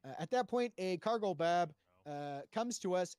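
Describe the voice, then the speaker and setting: Guy rambling thru a roleplay story for a panel, lots of uh's and swearing, kinda high voice, dry sound. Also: animated, moderate pace, darkish tone, clear, resonant tone, dry recording. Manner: rambling, profane, full of fillers and restarts. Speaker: roleplay player giving testimony to a panel. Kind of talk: casual spoken retelling of roleplay events.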